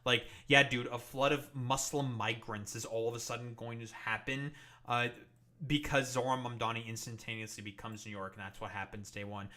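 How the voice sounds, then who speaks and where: Bright-voiced angry streamer guy, swears nonstop, lots of uh and like. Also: medium pitch, flat delivery, normal speed. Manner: angry, profane, ranting with many fillers. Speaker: political streamer. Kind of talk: profane livestream commentary.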